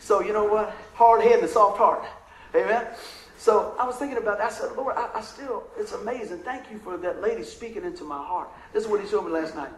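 High-voiced man preaching in an echoey room. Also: fairly quick, slight background noise. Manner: emotional, conversational, Southern-tinged storytelling with asides to the congregation. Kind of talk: storytelling sermon.

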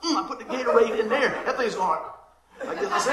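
A man's voice: sits high, quick pace, reverberant, crowd noise. A man, a pastor telling a comic story at the start of his sermon and laughing often along the way.

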